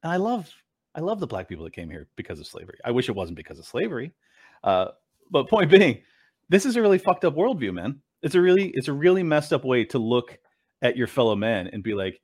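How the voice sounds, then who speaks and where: A man's voice: on the high side, big pitch swings, a little fast. A man ranting through a political commentary, sarcastic, profane and incredulous. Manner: mocks clips with mimicking voices. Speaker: commentary host.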